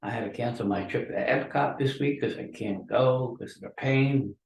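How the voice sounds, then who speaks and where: A man's voice: medium pitch, moderate pace, gravelly, a little hiss or hum. A man hosting a podcast, rambling and ranting through a solo monologue while groggy from pain medication. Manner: ranting and grumbling. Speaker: podcast host. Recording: roomy echo from a distant mic.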